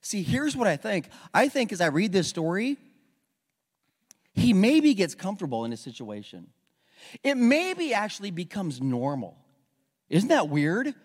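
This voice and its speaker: A middle-aged male pastor preaching an animated, conversational sermon full of rhetorical questions, in a church with long reverb. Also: high voice, a little slow, long pauses, husky. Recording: long reverb of a large hall.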